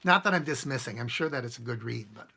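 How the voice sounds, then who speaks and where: Rambling, gravelly man chatting with his viewers. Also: mid-range voice, lively intonation, fast talker, pushed and bright, a little hiss or hum. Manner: rambling, chuckling, reads viewer comments aloud. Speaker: channel host answering live chat. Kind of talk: casual live-stream chat.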